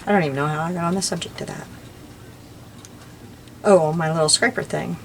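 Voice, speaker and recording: An older woman with a lowish voice chats as she crafts, wandering from one story to the next. Her talk is relaxed and homey, with soft laughs. A faint hiss of noise sits under the recording. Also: brisk, creaky. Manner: chatty, rambling, warm little laughs. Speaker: crafting vlogger. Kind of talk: casual chat while crafting.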